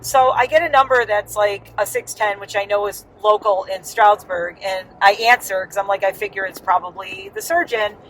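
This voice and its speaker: A woman's voice: mid-range voice, expressive, normal speed, gravelly, hardly any pauses, fairly bright tone, a little hiss or hum, low-quality recording. Chatty woman vlogging from her car. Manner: chatty, candid, rambling with restarts. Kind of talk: casual personal vlog. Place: inside a car.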